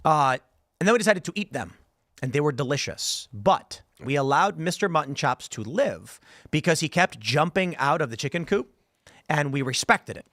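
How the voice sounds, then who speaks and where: A man hosting a casual panel talk show, telling stories in an animated way and reading viewer comments aloud. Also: on the high side, moderate pace, no echo, studio quality. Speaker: show host.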